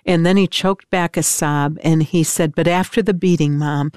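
A woman's voice: low voice, steady tone, normal speed, hardly any pauses, darkish tone, clean tone, dry recording, studio quality. An older woman giving an emotional personal testimony as an interviewed mother, telling her story in an intense, tearful way.

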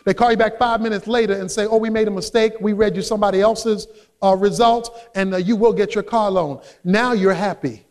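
A man preaching a sermon as a pastor, emphatic and rising to shouts on key points. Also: high voice, fairly even intonation, a little fast, in a large hall. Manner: acts out quoted voices in his own voice.

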